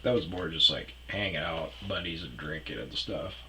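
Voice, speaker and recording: Low-voiced man telling a rambling story. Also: normal speed, noisy background. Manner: profane, rambling, trails off with fillers. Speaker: storyteller host. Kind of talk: casual storytelling monologue.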